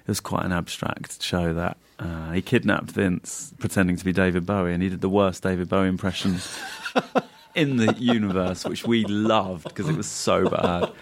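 A man with a very low, gravelly voice tells rambling stories as a guest in a relaxed interview. He laughs as he goes and drops into little performed voices for the people he quotes. The delivery is loose and anecdotal. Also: normal speed. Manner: rambling, laughs while telling stories, acts out quoted lines. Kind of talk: casual anecdotal storytelling.

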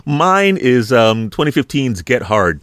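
A man's voice: mid-range voice, sing-song, a little slow, fairly bright tone, no echo, studio quality. A man hosting a casual film review chat, rambling and hesitant with frequent fillers. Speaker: podcast host.

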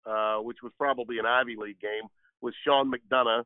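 Joking older sportscaster on a phone line. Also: male voice, mid-range voice, steady tone, fairly quick, no echo. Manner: storytelling, joking. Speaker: sportscaster guest. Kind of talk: casual chat. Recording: dry tinny phone line.

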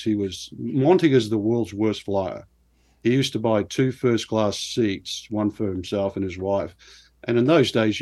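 Middle-aged male guest, lower voice, easy anecdotal storyteller with a self-mocking streak. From New Zealand. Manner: animated anecdotes with self-deprecating laughs. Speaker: former pro golfer, guest. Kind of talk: casual storytelling interview.

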